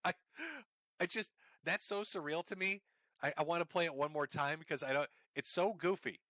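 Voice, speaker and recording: A man's voice: fairly high pitch, moderate pace, sharp tone, no echo, studio quality. A man hosting a commentary show, talking sarcastically over clips, often laughing and swearing. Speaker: commentary host.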